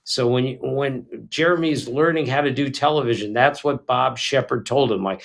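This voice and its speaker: A man's voice: mid-range voice, normal speed, gravelly. A man co-hosting a casual baseball podcast, telling anecdotes with frequent restarts. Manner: storytelling, stumbling restarts. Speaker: podcast co-host. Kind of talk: casual sports chat.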